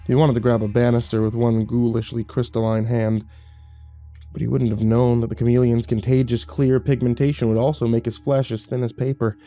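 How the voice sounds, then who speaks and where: A man narrating a horror story in a slow, dramatic, hushed storytelling manner, as a dry studio voice-over. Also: mid-range voice, flat delivery, soft background music.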